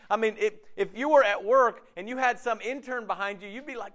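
A man, a pastor, giving a conversational sermon, casual and animated, often acting out quotes in his talk. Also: sits high, fast.

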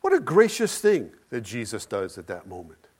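A man preaching a sermon, building with repeated phrases, rhetorical questions and dramatic pauses. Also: medium pitch, huge pitch swings, husky.

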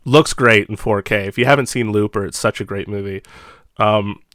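A man's voice: on the low side, normal speed, a bit bright, no echo. Chatty man rambling about movies, dry close mic. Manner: rambling, laughs often, acts out little dialogues. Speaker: podcast co-host. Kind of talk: casual chat about movies.

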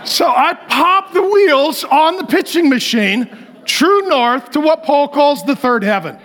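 A pastor delivering a humorous sermon, telling stories in an animated way and often laughing as he talks. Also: very high-pitched, unhurried, slight background noise.

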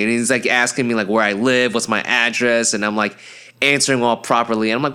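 A young man hosting a podcast, telling a story in a rambling, profane and excitable way, full of fillers and restarts, and jumping into high yelps when he acts out his friends. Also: a little fast, smooth. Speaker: podcast host. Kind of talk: casual storytelling monologue.

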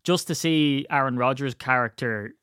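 Man, podcast host, casual rambling chat, playful, middle pitch, dry close sound. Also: normal speed, fairly bright tone, clean tone, dry recording. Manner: rambling, playful storyteller who breaks into put-on voices. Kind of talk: casual solo podcast talk.

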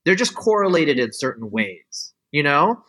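Unhurried and a bit bright, this man's high-leaning voice swings widely in pitch as he talks as a guest scientist in a casual interview. He's opinionated and rambling, explaining his views at length with frequent "like" and "you know."

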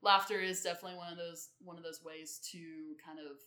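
A woman's voice: on the low side, fairly even intonation, quick pace, sharp tone, echoey room. A woman co-hosting a podcast, chatting casually and rambling with many ums and restarts. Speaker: podcast co-host. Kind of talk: casual chat.

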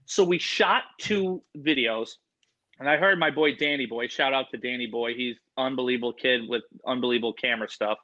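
A man telling a rambling, animated story in a casual interview, acting out the voices of people in it. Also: medium pitch, brisk, highs cut off. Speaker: animal entertainer guest.

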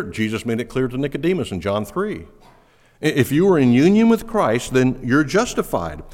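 Emphatic male preacher in a reverberant hall. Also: on the low side. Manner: emphatic, repeats words when stressing a point. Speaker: pastor. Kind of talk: sermon.

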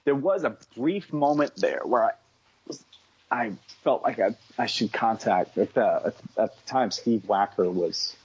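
Husky low-voiced man rambling wryly. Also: lively intonation, a little slow, a little mellow, dull audio. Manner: rambling, many restarts and fillers, wry. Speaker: comic book writer guest. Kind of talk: casual podcast conversation.

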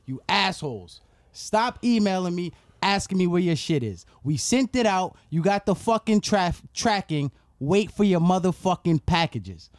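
A man's voice: high voice, expressive, normal speed, dry recording, clean studio sound. Profane, heated man ranting. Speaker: podcast co-host. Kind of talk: casual podcast rant.

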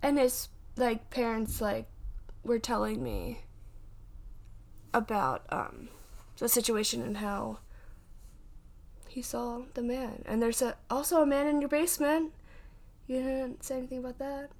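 A woman's voice: on the high side, a little slow, long pauses. A woman in her twenties hosting a casual podcast, chatting in a rambling way with many fillers and restarts. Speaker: podcast host and paranormal investigator. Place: home.

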